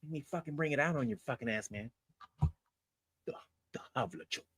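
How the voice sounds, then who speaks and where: A man voicing a menacing male tough guy who growls profane threats of a chokehold in a hushed, breathy half-whisper. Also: on the high side, brisk, no room sound, clean studio sound.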